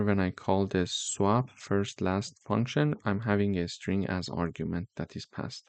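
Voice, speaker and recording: A man walks through a coding lesson at an unhurried, deliberate pace, checking in often to make sure each step lands. His voice sits low and comes through smooth and clear, recorded close on a dry mic with no room sound. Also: darkish tone, no room sound. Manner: slow, step-by-step explaining with repeated "okay?" checks. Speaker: programming teacher. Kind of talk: screen-recorded coding tutorial.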